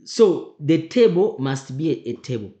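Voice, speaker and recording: A man whose voice is a little high and mellow, swinging widely in pitch, works through exam answers at a slightly slow pace in a memo walkthrough lesson. He repeats points emphatically and frequently checks that students are following, and the room echoes.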